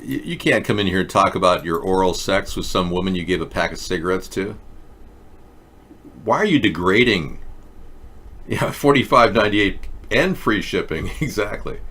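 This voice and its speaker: A low-voiced man with a fairly bright tone hosts a casual comedic talk show, mocking and sarcastic. He alternates between joking rants and mumbled reading aloud.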